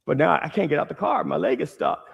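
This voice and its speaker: A man telling a stand-up story, animated, acting out the people in it. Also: a little high, quick pace, creaky, slightly rough. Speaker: stand-up comedian.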